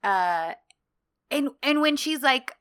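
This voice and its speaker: Bright-voiced woman recapping a drama. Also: high-pitched. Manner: animated retelling, acts out lines in quick voices. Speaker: podcast co-host. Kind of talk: casual chat recapping a drama.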